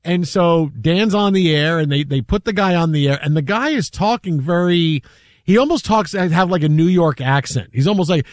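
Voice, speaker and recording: Sports talk host guy, middle-aged, tells stories all animated, does little voices, kinda high-ish voice, dry close mic. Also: normal speed, no echo. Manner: animated, acts out other people's voices. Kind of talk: storytelling on a sports talk show.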